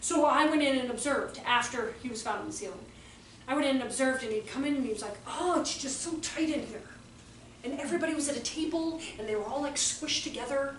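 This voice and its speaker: A woman teaching a workshop for early childhood teachers to a live audience, animated and often acting out voices and exclamations. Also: high-pitched, fast. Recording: roomy echo, voice from a distance, faint background noise.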